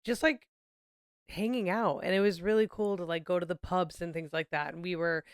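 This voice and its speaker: A woman's voice: on the low side, steady tone, clean tone, no room sound, studio quality. A woman co-hosting a podcast, recalling a trip in an easygoing, filler-heavy casual chat. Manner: easygoing, filler-heavy recollection with quick reactions. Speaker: podcast co-host.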